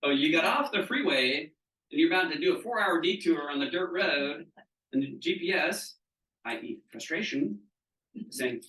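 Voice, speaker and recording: This middle-aged man gives a live wellness training seminar in a loose, conversational way, frequently pausing to check that people are with him. His voice sits a little high and sounds sharp and expressive, at a moderate pace. The recording catches him far from the mic in a room full of echo.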